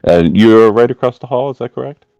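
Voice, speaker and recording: A man playing a polite, formal undercover agent who talks with filler pauses. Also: mid-range voice, expressive, vocal fry, a little mellow, no room sound, dull audio, pitched above the performer's own voice. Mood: courteous.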